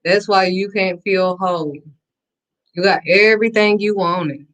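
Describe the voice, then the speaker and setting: A faith vlogger talks to camera in an emphatic, preachy way, sassy and direct, repeating her lines for effect. Her bright, clear-toned voice is mid-range with fairly even intonation and an unhurried pace.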